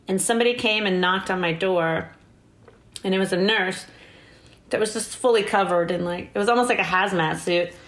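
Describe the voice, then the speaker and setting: A woman guest telling a story in a casual interview, laughing often and acting out what people said. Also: mid-range voice. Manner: animated, laughing often, acts out quoted lines.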